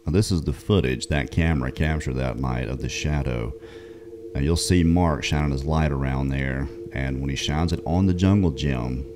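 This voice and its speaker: Brief: male documentary host, extremely low gravelly voice, measured explanation. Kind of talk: narration over footage. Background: music.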